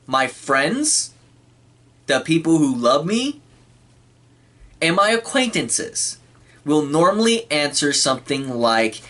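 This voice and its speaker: A man giving a casual spoken film review, clearing his throat often and acting out quoted lines. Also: on the high side, sing-song, slow, long pauses, bright, forceful tone. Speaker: movie reviewer.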